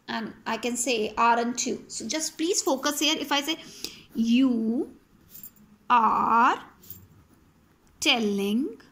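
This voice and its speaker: A woman's voice: high voice, pushed and bright. A woman with an Indian English accent teaching an English grammar lesson, explaining step by step with examples.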